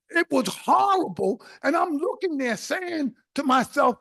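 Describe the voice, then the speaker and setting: An older man from the South Bronx giving an inspirational speech, telling stories in an animated way with bursts of shouted emphasis. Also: extremely high pitch, unhurried, gravelly, hardly any pauses. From South Bronx, New York. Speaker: keynote speaker.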